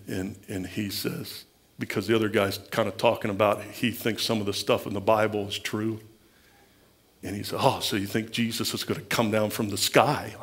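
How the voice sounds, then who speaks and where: A man's voice: on the low side, creaky, fairly bright tone, slightly rough. A man with a Midwestern American accent, a pastor preaching a conversational sermon who acts out the people he quotes.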